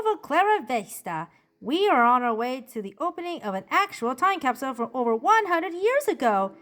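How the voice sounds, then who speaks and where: A woman's voice: high-pitched, a bit bright. A woman voicing a cheerful, bookish preteen girl in a journal-style character monologue, bubbly and giggly as she tells jokes. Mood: cheerful joking. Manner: bubbly, giggly joke-telling.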